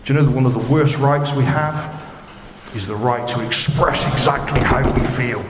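A man's voice: mid-range voice, normal speed. A man preaching an informal sermon, chatty and conversational, often putting questions to the congregation. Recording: echoey hall with background noise.

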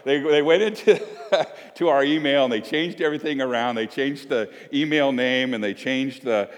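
A middle-aged man preaching a sermon, telling a family story and acting out the quotes in lively voices. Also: medium pitch, moderate pace. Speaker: pastor. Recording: long hall reverb.

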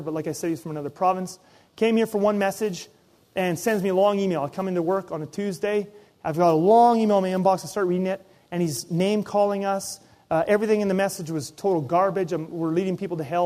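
A man preaching a sermon as pastor, telling personal stories with lively, acted-out asides. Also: high-pitched. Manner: animated storytelling, acts out his own inner voice.

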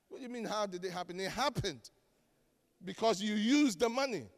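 A man preaching a sermon as pastor, animated and joking, acting out the voices of the people he quotes. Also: sits high, brisk, smooth, in a large hall. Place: church.

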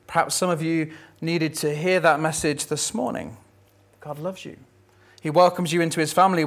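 A man preaching a sermon, telling a Bible story in a conversational, lightly humorous way. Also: on the high side. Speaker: pastor.

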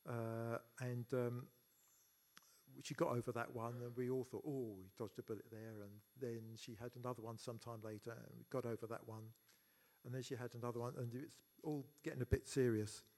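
A man speaks at a funeral, delivering a eulogy for his sister. He tells family stories in a halting way, full of fillers and false starts. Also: mid-range voice, little pitch movement, a little mellow. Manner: halting and anecdotal, many fillers and restarts. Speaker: eulogy speaker, brother of the deceased.

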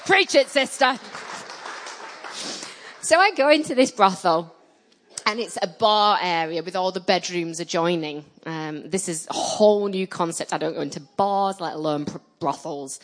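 A woman in her thirties preaching a sermon, telling personal stories with animated, emphatic delivery. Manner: animated storytelling, rising loud and emphatic at high points.

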